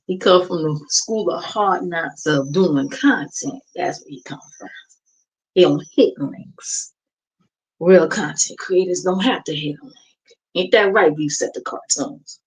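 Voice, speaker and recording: A woman's voice: fairly low pitch, measured pace, rough recording. A woman hosting a casual reaction livestream, gossiping and mocking in a sassy, drawling way. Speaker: livestream host. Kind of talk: casual reaction stream chat.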